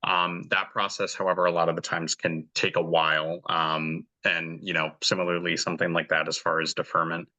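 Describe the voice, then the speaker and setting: A man with a very deep, flat voice explains loan options in a measured way. His tone is sharply bright. He uses many fillers. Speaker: debt organizer. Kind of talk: explaining in a meeting.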